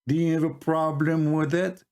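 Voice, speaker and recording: A man's slightly high, steady, smooth voice, a little mellow, moves at a moderate pace through live call-in debate commentary. In non-native English he mocks and combats views on religion and politics with rhetorical questions.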